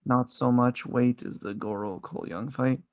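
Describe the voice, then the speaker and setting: A man in casual podcast talk, gushing about a film with loose, rambling sentences and plenty of swearing. His voice sits at an average pitch, recorded close and dry with no room sound. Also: steady tone, moderate pace, a little mellow, no echo. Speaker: podcast co-host. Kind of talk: casual movie review chat.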